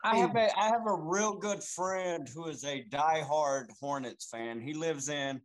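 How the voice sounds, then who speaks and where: A man's voice: a little high, measured pace, poor audio. A man, co-hosting a casual sports podcast in a laid-back, drawling way. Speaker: podcast co-host.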